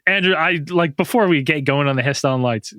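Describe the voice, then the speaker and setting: A man's voice: a little high, brisk, bright, forceful tone, no echo, clean studio sound. A man hosting a podcast in casual chat, laid-back and joking, laughing easily. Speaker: podcast host.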